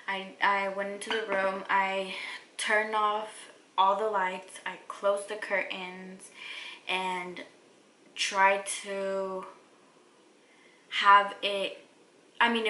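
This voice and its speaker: A woman's voice: mid-range voice, slow. A young woman telling a personal story to her camera in a casual, chatty way, full of "like" and restarts. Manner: chatty, lots of "like" and restarts, animated quoting of herself. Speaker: vlogger. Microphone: camera or phone mic. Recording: echoey room with faint ambient noise.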